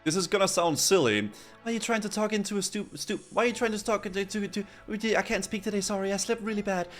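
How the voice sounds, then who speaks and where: A man commenting on a game as he streams it, joking and stumbling over his words. His voice sits a little high, with faint music under it. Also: fast talker. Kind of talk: gameplay commentary.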